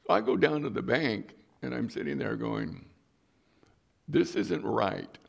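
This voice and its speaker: A man's voice: medium pitch, animated, normal speed, creaky, fairly bright tone. A middle-aged male pastor preaching a sermon, telling a personal story and acting out the voices in it. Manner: storytelling, acts out quoted voices.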